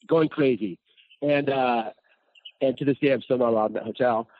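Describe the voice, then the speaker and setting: A man talking casually as a guest chef, telling stories in a lively way and acting out quotes. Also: medium pitch, moderate pace, phone-quality sound. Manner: animated storyteller, acts out quotes. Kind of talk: casual chat.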